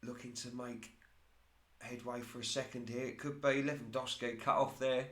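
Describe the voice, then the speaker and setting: Excitable man calling his own football sim. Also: mid-range voice, normal speed, echoey room. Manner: excitable play-by-play, laughs at his own slips. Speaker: commentator of his own football management game. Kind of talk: casual solo game commentary.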